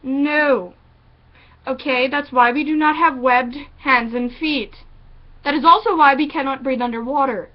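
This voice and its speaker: A woman's voice: high-pitched, a little slow. A woman ranting sarcastically and with swearing in a vlog monologue, on a dull lo-fi recording. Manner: sarcastic, profane, animated ranting. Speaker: vlogger.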